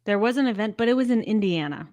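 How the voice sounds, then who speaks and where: A woman's voice: medium pitch, animated, fast talker, a little mellow, dry recording. A woman co-hosting a casual podcast, wry and self-deprecating. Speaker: podcast co-host.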